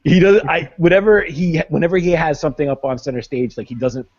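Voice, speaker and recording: A man's voice: on the high side, expressive, a little fast, darkish tone, lo-fi sound. A man in a casual podcast chat who makes dry, wry remarks. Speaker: podcast guest.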